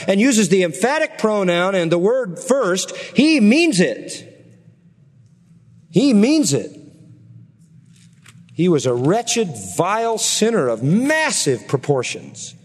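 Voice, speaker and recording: A pastor delivering a sermon, building emphasis by rising on key words and slowing down, often asking the congregation rhetorical questions. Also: male voice, sits high. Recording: long hall reverb.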